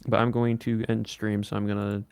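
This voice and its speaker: A man casually commenting on his game over voice chat, calmly explaining things step by step. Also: lowish voice, a little fast, creaky, smooth, no room sound. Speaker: streamer playing with friends.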